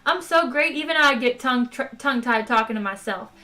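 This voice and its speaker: A woman voicing a brash, boastful man who shouts and brags. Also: fairly high pitch, a little fast. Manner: loud, cocky, shouting. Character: brash, boastful male space adventurer.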